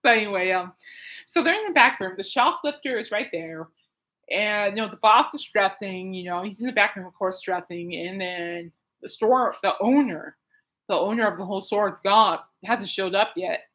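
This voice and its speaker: Rambling, excitable woman podcaster. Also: medium pitch, normal speed, rough recording. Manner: rambling, lots of fillers and laughs, excitable. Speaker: podcast host. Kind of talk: casual rambling monologue. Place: home at night.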